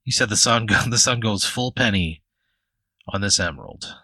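A man with a low-set voice and a bright, forceful edge rambles through an improvised comic story. He swears freely and keeps restarting his sentences. The sound is dry and close. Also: moderate pace, no echo. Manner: rambling, profane, full of fillers and restarts. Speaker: comedy podcast host.

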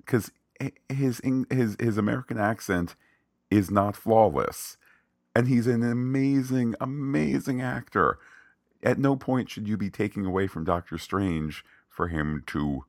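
A man co-hosting a podcast, chatting about a film in an opinionated, animated way with playful asides. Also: fairly low pitch, a little slow, no echo, clean studio sound. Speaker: podcast co-host. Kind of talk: casual film discussion.

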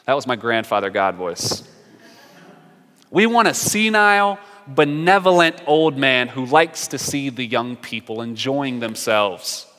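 A man preaching a sermon in an earnest way, moving between emphatic lines and hushed, quiet ones. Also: medium pitch, expressive, moderate pace, hardly any pauses, in a large hall. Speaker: pastor.

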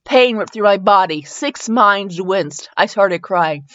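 A woman's voice: mid-range voice, measured pace, few pauses, no echo. A woman hosting a comedic reading of fanfiction, switching between dramatic narration and incredulous commentary. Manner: animated, breaks into laughter and mock outrage. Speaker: host reading fanfiction aloud. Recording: dull lo-fi dry recording.

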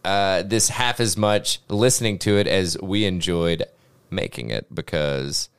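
A man's voice: low-pitched, unhurried, smooth. A man hosting a casual podcast, joking and laughing often as he signs off the episode. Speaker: podcast host.

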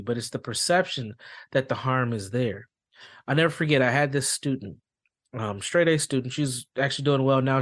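A man's voice: mid-range voice, no room sound, studio quality. A man who hosts a mental health podcast and works as a school therapist, explaining in a casual way and telling stories with acted-out quotes. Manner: storytelling with acted-out quotes, frequent fillers.

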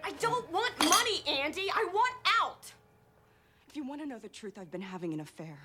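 A woman's voice: high-pitched, expressive, moderate pace, sharp tone, faint music behind. An actress playing a restless young wife in a TV drama, bitter and cutting as she leaves her husband. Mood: scornful. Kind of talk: TV drama acting.

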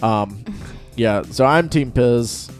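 A chatty man co-hosting a casual movie podcast at a middle pitch. He is playful, laughs easily and drifts into asides. A faint bed of music runs beneath his voice. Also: slow. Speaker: podcast co-host. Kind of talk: casual movie review chat.

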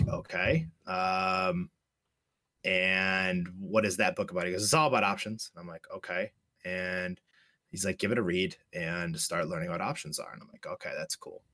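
A man's voice: deep voice, dry recording, studio quality. A young man casually telling a story, swearing often and acting out both sides of a conversation. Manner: profane, animated storyteller, acts out dialogue.

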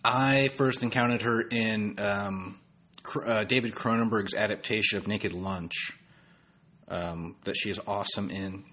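Husky-voiced man discussing films. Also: lowish voice, steady tone, measured pace, bright, forceful tone. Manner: thoughtful, quotes critics' reviews, frequent restarts. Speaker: podcast co-host. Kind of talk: casual film discussion.

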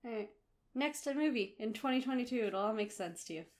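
A woman's voice: on the high side, lively intonation, fairly quick, darkish tone. A woman in casual chat, teasing and knowing as she corrects her co-host.

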